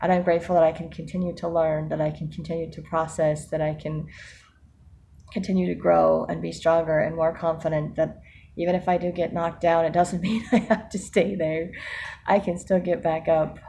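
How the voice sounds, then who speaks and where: A woman talking in a casual personal vlog, reflective and earnest, often laughing softly and restarting her sentences. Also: low voice, little pitch movement, moderate pace, vocal fry, a little hiss or hum. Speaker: vlogger.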